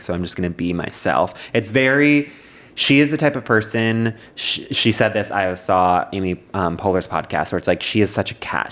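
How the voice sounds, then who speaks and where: A man's voice: deep voice, fairly bright tone. A young man with a Chicago accent, co-hosting a podcast in rambling casual chat that trails off at phrase ends. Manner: chatty, rambling, drops to a mumble at phrase ends. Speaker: podcast co-host.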